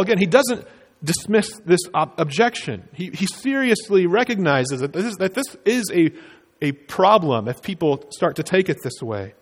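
A man's voice: sits high, long reverb tail. A male pastor preaching a sermon, explaining in an earnest way and stressing key phrases with emphatic rises.

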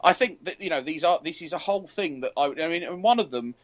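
A man co-hosting a TV review podcast, giving long, halting opinions in casual chat. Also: fairly high pitch, expressive, lo-fi sound. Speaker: TV reviewer co-host.

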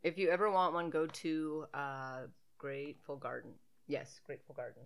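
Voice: mid-range voice, moderate pace, gravelly, a bit bright, clean tone. A podcast co-host talking through a movie in loose, casual chat. The delivery is sarcastic and jokey, with frequent laughter. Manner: joking, sarcastic, laughs often.

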